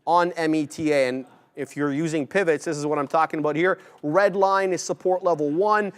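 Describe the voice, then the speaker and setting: A young man hosting a live day-trading stream, giving brisk, upbeat commentary and shout-outs to viewers. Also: fairly high pitch, fairly even intonation, smooth.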